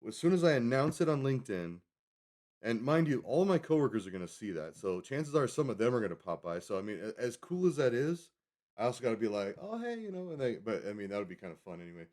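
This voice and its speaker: On a live stream, a man in his thirties drifts between subjects in a chatty way, correcting himself along the way. His voice sits on the low side, a little mellow, with lively intonation and a quick pace.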